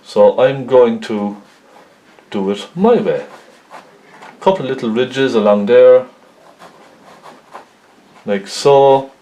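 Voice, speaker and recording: A man's voice: medium pitch, expressive, slow pace, long pauses, warm tone. A man talking through a painting tutorial in a friendly, rambling way, full of ums and "isn't it?" tags. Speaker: painting teacher. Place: painting studio, indoors. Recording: echoey studio room.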